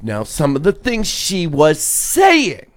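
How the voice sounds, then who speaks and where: A man's voice: a little high, wildly swooping pitch, slow pace. A man cohosting morning radio, telling a rambling story with restarts and hedges.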